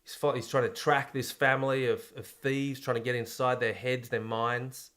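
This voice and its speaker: A man's voice: mid-range voice, level tone, normal speed, a bit bright. Laid-back man spinning a story. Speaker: podcast co-host. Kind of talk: casual comedic chat, pitching a movie plot.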